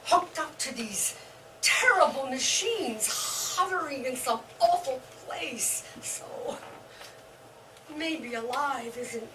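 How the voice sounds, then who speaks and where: A woman plays a giddy older woman, giggling and flustered, with a high voice and slow delivery. She is heard from across a roomy stage, with noise around her. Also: exaggerated voice. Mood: pleading. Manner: giggly, breathy excitement. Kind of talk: stage play acting. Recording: roomy stage sound from far off.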